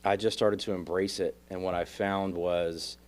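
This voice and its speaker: A man's voice: low voice, flat delivery, moderate pace, darkish tone. A man with a Texan accent who coaches real estate agents, reflecting on his coaching on a podcast. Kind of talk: podcast conversation.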